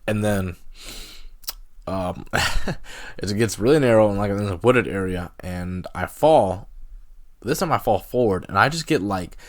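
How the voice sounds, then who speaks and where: A man's voice: lowish voice, lively intonation, measured pace, dry recording, clean studio sound. A young man hosting a solo podcast, telling a story casually with lots of fillers and laughing at himself. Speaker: podcast host.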